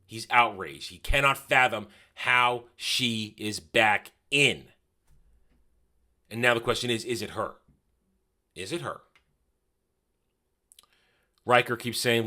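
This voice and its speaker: A man's voice: mid-range voice, a little slow, pauses often, bright, forceful tone. A man giving a casual, rambling spoken review of a TV episode, often correcting himself and paraphrasing scenes.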